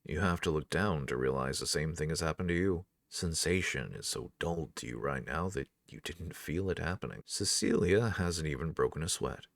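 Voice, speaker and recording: Guy reading a fantasy choose-your-path story, low gravelly voice, dead dry mic. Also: moderate pace, few pauses, a bit bright, no room sound. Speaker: audiobook narrator. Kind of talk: scripted narration of an interactive fantasy novel.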